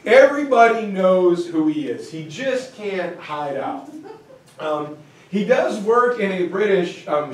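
A history teacher with a high voice gives a lively, joking classroom lecture. He sounds far from the mic, and the room adds heavy echo. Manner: lively and joking, acts out quotes.

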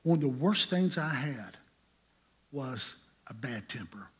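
A middle-aged man, preaching a sermon in a folksy storytelling way, acting out scenes with sudden loud bursts. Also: mid-range voice, animated, takes it slowly, breathy edge. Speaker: pastor.

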